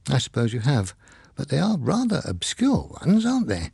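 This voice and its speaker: A man reading the part of a wistful, teasing young wife in an audiobook, his voice lifted and soft. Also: medium pitch, huge pitch swings, normal speed, vocal fry, husky, no echo, pitched above the performer's own voice, exaggerated voice. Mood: dreamy.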